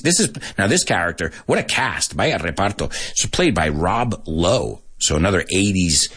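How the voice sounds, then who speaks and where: A man teaching English to Spanish speakers in a casual, animated show, acting out lines and then translating them. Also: low voice, moderate pace, hardly any pauses, slightly rough. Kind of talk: bilingual language lesson, casual and animated.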